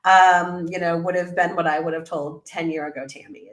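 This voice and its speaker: Animated middle-aged woman in an echoey room. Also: lowish voice, moderate pace, few pauses. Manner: animated storyteller, quotes herself in lively voices. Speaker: guest, business coach. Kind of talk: conversational interview.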